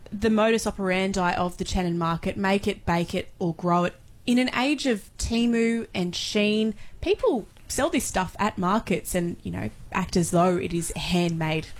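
A woman's voice: mid-range voice, normal speed. A woman hosting a radio talk show, interviewing guests and taking callers in a friendly, upbeat way. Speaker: radio host.

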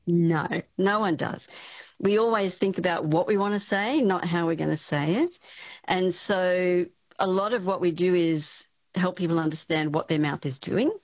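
A woman's voice: fairly low pitch, normal speed, no echo, highs cut off. A woman, a speech pathology professor, explaining things in a chatty way with lots of fillers as a radio interview guest.

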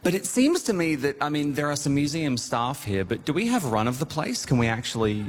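Playful man, lively pitch. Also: fairly quick. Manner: joking, animated. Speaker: film reviewer guest. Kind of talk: playful banter.

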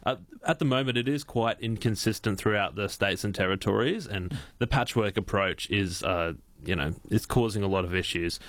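An Australian man reads the morning news on a radio show in a low-pitched voice. He stumbles over words and gets thrown into laughter by his co-host. The sound is close and dry, with no room echo. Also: moderate pace, few pauses, fairly bright tone. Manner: stumbles and laughs while reading, easily distracted. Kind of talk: reading news with casual banter.

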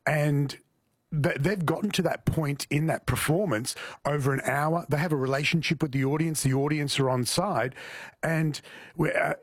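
Husky man chatting on radio. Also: a little high, normal speed, dry recording, clean studio sound. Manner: chatty, repeats words when starting. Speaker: comedian guest. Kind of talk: casual radio chat.

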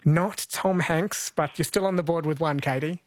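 Upbeat man, higher voice. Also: no room sound. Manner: brisk, upbeat and chatty. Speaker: radio quiz host. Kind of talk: live radio banter.

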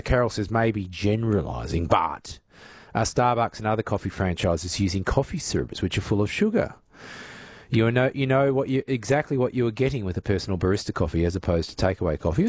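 A man hosts a talkback show in a dry, close studio sound. His voice sits at an ordinary middle pitch, and he rambles along casually with plenty of fillers. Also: darkish tone, no echo. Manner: chatty, filler-heavy. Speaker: talkback radio host. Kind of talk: radio talkback. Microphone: studio mic.

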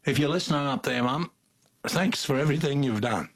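This older Australian interview guest speaks briskly in a husky, medium-pitched voice. He spins folksy stories casually and chuckles often along the way.

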